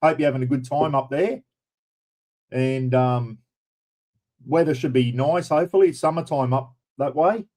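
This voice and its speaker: An Australian man hosting a relaxed livestream, talking in a loose, blunt way with easy swearing. His voice sits at a middling pitch, neither deep nor high. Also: moderate pace, long pauses, rough recording. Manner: chatty and blunt, mild swearing, greets viewers by name. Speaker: livestream host. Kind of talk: casual chat.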